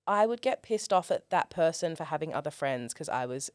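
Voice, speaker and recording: A young Australian performer telling stories in a casual interview, animated and comic, acting out quoted voices. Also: female voice, deep voice, brisk, no echo, clean studio sound. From Australia, Perth. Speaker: guest, performer.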